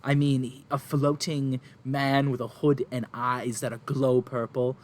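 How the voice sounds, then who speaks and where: A man's voice: flat delivery, unhurried, a little mellow, close to an everyday voice. A man voicing an emotional, flustered middle-aged farm mother who rambles and stammers through her troubles. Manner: flustered, tearful rambling with high squeaky jumps. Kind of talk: tabletop role-play character voice.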